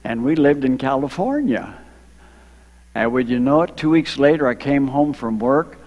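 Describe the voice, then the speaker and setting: An older man from Ohio, a retired missionary, telling his story to a church congregation, slowing down for emphasis and drawing in the children. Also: medium pitch, animated, dull audio. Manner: storytelling, slows for emphasis, engages kids. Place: church sanctuary. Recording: long hall reverb.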